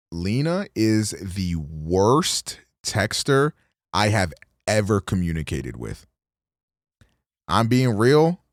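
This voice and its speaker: A man reacts to a video on a livestream, talking loosely and swearing freely. His pitch leaps up and drops down as he rambles. His voice is dry and close to the mic. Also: no echo. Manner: profane, animated, rambling. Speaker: streamer host. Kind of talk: casual reaction commentary.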